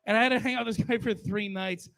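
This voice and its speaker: A man's voice: sits high, fairly even intonation, fast, creaky, a bit bright. A man in his forties doing crude, profane stand-up storytelling at a memorial. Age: 40s. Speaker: stand-up comedian.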